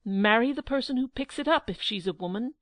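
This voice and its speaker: A woman reading an audiobook and voicing a spoiled, haughty young princess, shrill and scornful. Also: lively intonation, fairly quick, a bit bright, no room sound. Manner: shrill and scornful, shrieking in rage.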